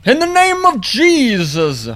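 A man's voice: very high-pitched, huge pitch swings, takes it slowly, no room sound, pitched above the performer's own voice, heavily acted. A man putting on an overzealous faith healer. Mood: commanding. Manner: pleading, strained commanding shouts. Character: overzealous man shouting commands at a corpse.

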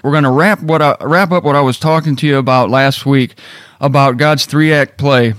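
A man's voice: medium pitch, steady tone, moderate pace, fairly bright tone, dry recording, studio quality. A middle-aged man hosting a casual devotional talk, telling self-deprecating stories. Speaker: radio host.

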